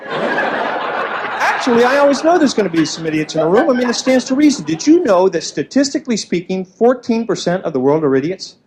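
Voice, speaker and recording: A man performing stand-up in a comedy club, his voice pitched high and swinging widely as he mocks himself. He drops into goofy voices for the people in his stories. Faint club ambience sits under the mic. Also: big pitch swings, brisk, background noise. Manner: goofy, self-mocking, slips into silly voices for quoted people. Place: comedy club stage before a live audience.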